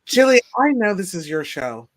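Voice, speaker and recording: A woman's voice: mid-range voice, sing-song, normal speed. A woman hosting a podcast, chatting casually in a gushing, jokey way. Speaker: podcast host.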